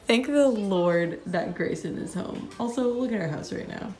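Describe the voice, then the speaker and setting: A woman's voice: lowish voice, moderate pace, dark tone. A young woman, a tired mother, chatting casually into her phone at home in a family vlog, sighing and saying "like" often. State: exhausted. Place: messy family home, indoors. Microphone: phone held while filming.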